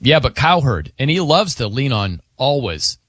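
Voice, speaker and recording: Animated male radio host. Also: mid-range voice, normal speed, slightly rough, no echo, clean studio sound. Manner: animated, laughs often, mimics people's pronunciations. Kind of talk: casual radio chat.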